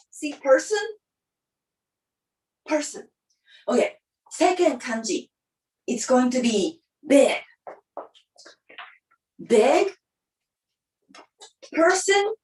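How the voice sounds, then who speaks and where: A woman's voice: sits high, reverberant, recorded from a distance, rough recording. A woman doing stand-up, playfully teaching like a teacher. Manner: playful, teacherly, acts out characters with her body. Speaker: stand-up comic. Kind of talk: stand-up comedy.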